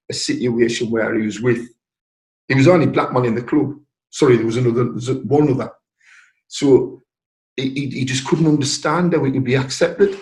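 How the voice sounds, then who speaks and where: Brief: older man, North East English accent, mid pitch, anecdotal interview in a roomy space. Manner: lively storyteller acting out quoted voices. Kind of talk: anecdotal storytelling. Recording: roomy echo.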